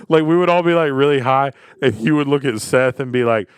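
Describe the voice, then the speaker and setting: A man's voice: medium pitch, quick pace, hardly any pauses, a little hiss or hum. A man co-hosting a podcast, chatting casually and acting out funny scenes. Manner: animated storyteller who acts out scenes. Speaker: podcast co-host.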